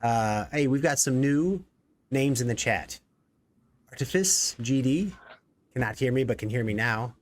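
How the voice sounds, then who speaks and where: A man hosting a casual live stream, his voice sitting at a middle pitch. He rambles and jokes, piling up fillers and side stories as he talks to the chat. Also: animated, a little slow. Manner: rambling, jokey, many fillers. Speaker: executive producer and stream host.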